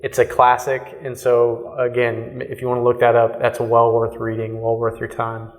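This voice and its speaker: A man hosting a podcast interview, asking questions and giving listeners brisk, friendly asides. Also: mid-range voice, completely flat delivery. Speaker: podcast host. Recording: echoey room with long reverb.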